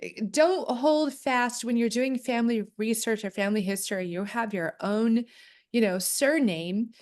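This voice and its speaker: A woman's voice: on the high side, moderate pace, darkish tone. A woman co-hosting a casual chat on clan history and family research, often reading aloud from a booklet. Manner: chatty, reads aloud from a booklet. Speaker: co-host.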